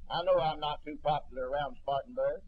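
An older man preaching a sermon, telling stories folksily and acting out voices with sudden shouts. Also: on the high side, fairly quick, no echo, phone-quality sound.

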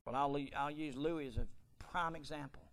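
Middle-aged pastor, gravelly tenor, fiery pulpit sermon in church. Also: male voice, a little high, moderate pace. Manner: shouting, rising to fervent preaching. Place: church sanctuary.

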